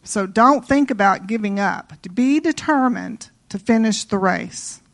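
A woman's voice: mid-range voice, lively intonation, unhurried. A middle-aged woman giving an informal, conversational sermon, full of personal stories and "you know" asides. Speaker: preacher.

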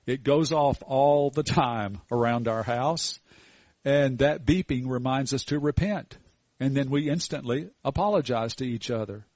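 An older man preaching a sermon in a folksy, storytelling way with animated asides. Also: medium pitch, measured pace, dry recording, dull audio.

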